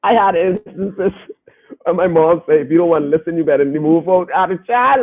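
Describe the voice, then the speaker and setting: A man's voice: fairly high pitch, moderate pace. A young adult man hosting a casual podcast stream, talking earnestly and repeating phrases for emphasis. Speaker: podcast host reading viewer comments. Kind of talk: casual live-stream talk. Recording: phone-like lo-fi audio.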